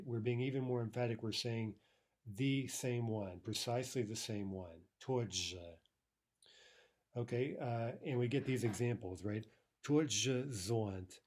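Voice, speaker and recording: A man teaching a language lesson, explaining grammar with many fillers and repeating each example slowly. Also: fairly low pitch, darkish tone.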